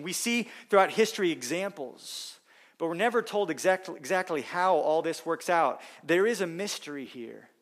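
A middle-aged pastor delivers a sermon in an earnest, steady way. His voice sits a little above the usual male pitch. He leans into key phrases with strong emphasis before settling back.

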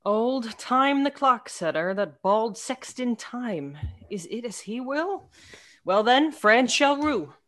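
A woman's voice: fairly high pitch, lively intonation, takes it slowly, fairly bright tone. A woman reading a mocking soldier. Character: mocking male soldier scorning time. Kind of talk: Shakespeare play reading.

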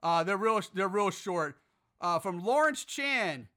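Male podcast host, high and bright, casually sarcastic and foul-mouthed when he riffs on reviews. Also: lively intonation, takes it slowly. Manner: sarcastic, profane, mock-outraged.

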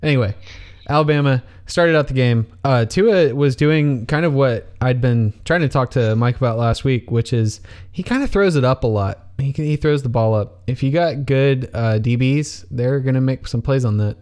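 A man hosting a casual sports podcast, laid-back and quick to laugh. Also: medium pitch, a little mellow, clean tone. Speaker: podcast host. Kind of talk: casual chat.

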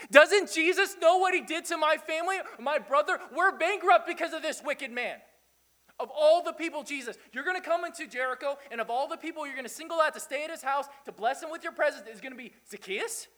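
A man's voice: very high voice, fairly quick, pushed and bright, pitched above the performer's own voice. A man voicing an indignant townsperson who complains about who gets honored. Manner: outraged, complaining. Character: indignant male townsperson resenting a guest.

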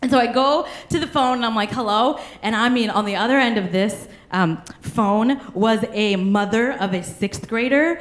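A woman's voice: fairly high pitch, normal speed, few pauses. A woman preaching a sermon, telling stories animatedly with frequent laughter. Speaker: pastor. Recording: echoey room.

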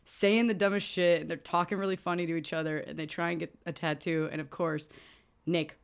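A woman's voice: fairly low pitch, fairly even intonation, a little fast, vocal fry, clean tone. A young woman co-hosting a casual movie podcast, chatty and swearing freely as she acts out lines. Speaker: podcast co-host. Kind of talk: casual movie recap chat.

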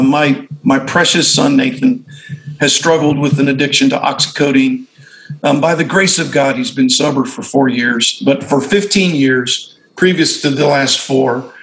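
A man's voice: mid-range voice, fairly bright tone, roomy sound, low-quality recording. A middle-aged male pastor telling stories in a reflective conversation, often restarting and correcting himself. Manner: reflective storytelling with frequent restarts and self-corrections. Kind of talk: conversational discussion among fellow pastors.

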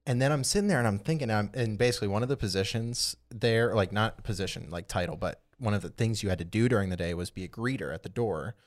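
Lower-voiced young man telling a rambling story. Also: quick pace, few pauses. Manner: rambling, animated retelling with lots of "like". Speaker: podcast co-host. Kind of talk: casual storytelling chat.

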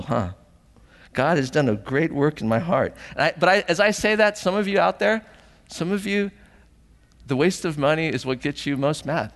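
Middle-aged pastor preaching, voice jumps way up when he acts stuff out, kinda high voice, big hall echo. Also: moderate pace. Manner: animated storytelling, acting out voices with big pitch jumps. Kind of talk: sermon.

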